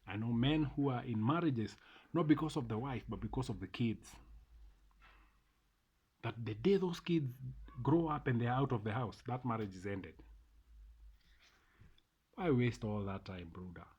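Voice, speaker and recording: A man's voice: mid-range voice, measured pace, pauses often, a little mellow, slightly rough, lo-fi sound. A middle-aged man with a Kenyan accent, delivering an emphatic, repetitive opinion monologue to camera as a vlogger. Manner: ranting, emphatic, repeats phrases.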